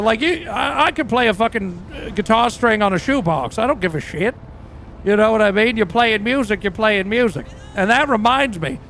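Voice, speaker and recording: A man playing a crude, boastful rock singer who rambles through profane, deadpan tall tales in a game roleplay. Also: sits high, a little hiss or hum. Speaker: roleplay character.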